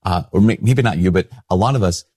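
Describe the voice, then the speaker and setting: A man's voice: sits low, fast talker, mellow, slightly rough, dry recording, studio quality. A man, a priest, talking candidly to camera, self-questioning and loose with fillers. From Minnesota. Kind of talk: casual reflective talk to camera.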